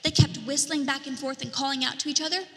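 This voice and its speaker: A woman performing a dramatic storytelling monologue as a market merchant in a church play, animated, with whispered asides. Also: sits high, fast. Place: church sanctuary. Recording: reverberant church hall.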